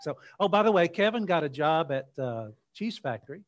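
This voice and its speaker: A male pastor preaching a sermon in church, opening with a folksy, unhurried joke story before his teaching. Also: a little high, expressive, heavy background noise.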